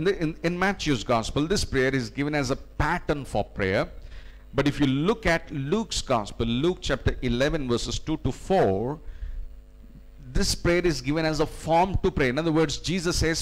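A man's voice: a little high, lively intonation, normal speed. A man as pastor giving a teaching sermon, explaining scripture step by step with frequent "you know" fillers.

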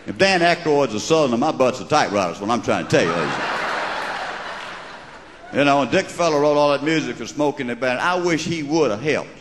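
A man's voice: mid-range voice, lively intonation, fast, a little hiss or hum. A middle-aged man with a Southern drawl doing wry, mocking stand-up storytelling before a live audience. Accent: Southern US (Georgia). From American South. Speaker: stand-up comedian. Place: large live venue with audience. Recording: echoey hall, crowd in background.

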